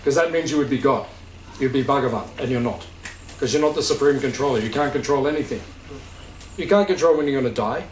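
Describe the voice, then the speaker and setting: In an echoey room, a man speaking as a spiritual teacher gives an informal, conversational talk to a gathering, laughing easily and asking questions to check that people follow. His voice is medium in pitch and fast. The distant mic picks up a faint hiss.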